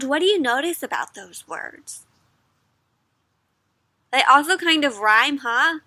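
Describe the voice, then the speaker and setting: Hosting a children's read-aloud, a young woman reads a picture book in a high, bright voice, lingering over each page. She's animated and teacherly, often stopping to ask small questions, and the recording is close and dry with no room sound.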